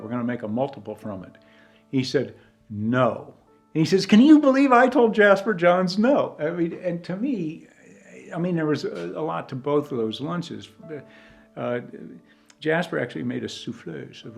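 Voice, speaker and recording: An older man, a painter, telling long rambling stories in a documentary interview, full of "you know" asides and quick to get emotional. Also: mid-range voice, creaky, darkish tone. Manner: gets emotional.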